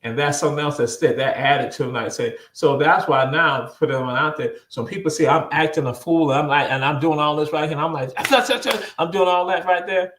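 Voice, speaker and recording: A man, a guest on a video-call interview, telling a story in a lively way, often repeating words and acting out what people said. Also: a little high, fairly quick, few pauses, reverberant, a little hiss or hum. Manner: animated, repeats words, acts out quoted voices.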